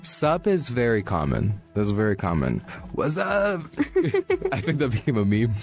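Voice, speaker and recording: A man co-hosts a casual podcast, talking in a lively, sing-song way and cracking jokes about slang. He agrees readily and says "yeah" a lot. Soft music runs under the talk. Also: on the low side, moderate pace. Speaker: language assistant co-host.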